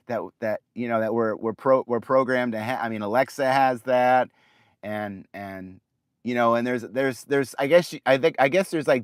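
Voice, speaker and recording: Middle-aged male vlogger, smooth tone, dry close mic, loose rambling rant full of restarts. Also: mid-range voice, no room sound. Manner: rambling, repeats words, says "right?" often. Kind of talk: casual ranting monologue.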